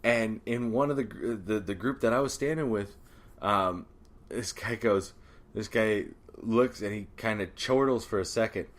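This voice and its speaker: A man's voice: fairly low pitch, normal speed. A young man co-hosting a podcast, telling a party story in casual chat, acting out quotes and laughing often. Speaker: podcast co-host.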